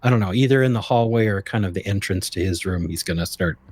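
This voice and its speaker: A man's voice: fairly low pitch, quick pace, darkish tone, dry recording. A man playing a tabletop game, laid-back and trailing off as he describes his moves. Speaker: player.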